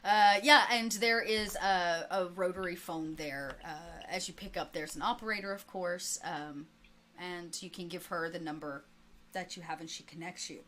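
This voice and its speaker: A woman narrating as game master of a tabletop game, relaxed and laughing often. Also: fairly low pitch, normal speed, slight background noise.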